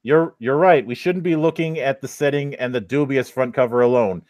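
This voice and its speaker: A man's voice: mid-range voice, normal speed, darkish tone, no echo. A man hosting a casual podcast, reading a review aloud and mocking it with crude sarcasm. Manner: sarcastic, profane, heckles as he reads.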